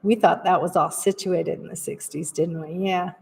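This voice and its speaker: A woman's voice: fairly low pitch, steady tone, moderate pace, vocal fry, darkish tone, far from the mic. A woman giving a casual, rambling spiritual talk in an earnest way as a practitioner. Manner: rambling, earnest, laughs while telling stories.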